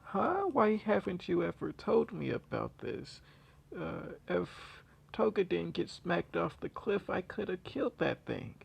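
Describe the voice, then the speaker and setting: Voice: mid-range voice, sing-song, unhurried, vocal fry, slightly rough, voice pushed up, exaggerated voice. A storyteller voicing a worn-out, suspicious young man in a casual fan story retelling, speaking in a puzzled, questioning way.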